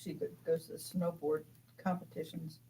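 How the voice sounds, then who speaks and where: A woman's voice: sits low, little pitch movement, moderate pace, mellow, low-quality recording. An older woman chatting in a group, telling family news in a matter-of-fact way.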